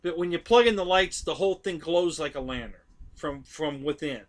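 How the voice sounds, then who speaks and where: A man's voice: fairly high pitch, normal speed. A man hosting a live stream, chatting casually about model planes, rambling, correcting himself and talking straight to his viewers.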